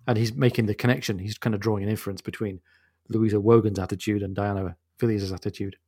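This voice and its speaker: This podcast co-host speaks in a lowish, husky, mellow voice, fast but steady in tone. Thoughtful and quick to laugh, he talks casually about a novel and reads quotes from it expressively, captured in studio quality with no echo.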